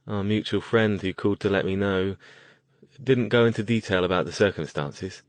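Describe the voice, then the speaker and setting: A man's voice: on the low side, normal speed, dry recording, lightly acted. A man voicing a composed, polite British mage with a clipped, understated way of talking. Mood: measured.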